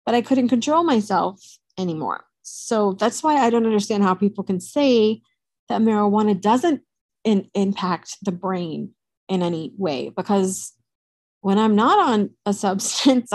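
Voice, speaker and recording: A woman telling a personal story to camera in a candid, animated way, swearing freely. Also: medium pitch, moderate pace, dry recording.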